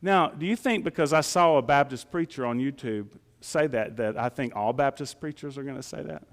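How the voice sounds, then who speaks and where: A man's voice: mid-range voice, brisk, in a large hall. A male pastor preaching a sermon in a folksy, conversational way, often asking the congregation rhetorical questions.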